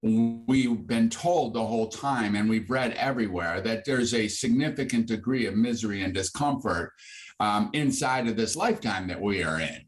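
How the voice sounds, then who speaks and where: A man in his sixties, a psychiatrist, talking freely in an interview and rising to high, lively bursts when he makes a point. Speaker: psychiatrist guest. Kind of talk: conversational interview.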